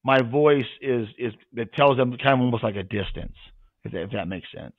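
A man's voice: medium pitch, fairly quick, no echo. A man who trains retrievers, talking casually on a podcast and acting out his handling commands as he explains them. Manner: plain-spoken, demonstrates commands aloud. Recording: tinny phone-like sound.

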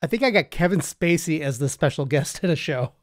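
A man hosts a casual music podcast conversation, slipping into animated voices when he quotes people. His voice sits fairly high for a man. The recording is close and dry. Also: fairly quick, no room sound. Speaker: podcast host. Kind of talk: casual chat.

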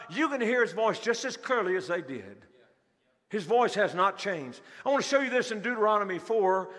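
A man's voice: sits high, a bit bright. A male pastor preaching a sermon to a congregation, asking rhetorical questions and repeating key phrases. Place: large church hall. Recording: long hall reverb.

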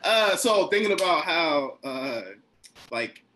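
A man's voice: fairly high pitch, expressive, slow, bright, forceful tone. Man reading poetry over a video call. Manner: rhythmic, repeated questions building in intensity. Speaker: poet reading his work. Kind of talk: poetry reading with spoken introduction.

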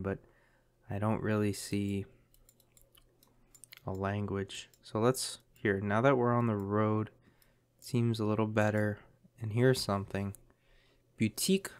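A man's voice: lowish voice, smooth. A man commentating a map guessing game, thinking aloud in a chatty way with lots of ums. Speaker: game streamer.

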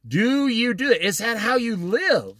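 A man's voice: very high voice, very animated, unhurried, fairly bright tone, no room sound, studio quality. A man giving a blunt, informal Bible study sermon and acting out husbands and wives in quoted asides. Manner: blunt, preachy, acts out quoted spouses.

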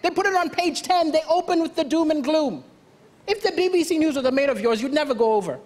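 A man's voice: very high voice, lively intonation, fast. A man from Malawi performing a stand-up comedy set on a large stage, with punchy, self-deprecating delivery. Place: large theatre stage before an audience. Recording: loud live audience and crowd noise.

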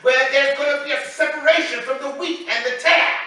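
Forceful woman preacher in an echoey hall. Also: high-pitched, fairly quick. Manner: repetitive call-and-response preaching, rising to shouts. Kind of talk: sermon. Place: church sanctuary. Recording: echoey hall, voice far from mic.

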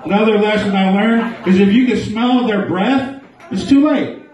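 A man's voice: sits high, moderate pace, a little mellow, distant mic. A man doing a crude live stand-up set in a small bar, riffing with the crowd. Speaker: stand-up comedian. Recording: echoey bar, mic heard from afar.

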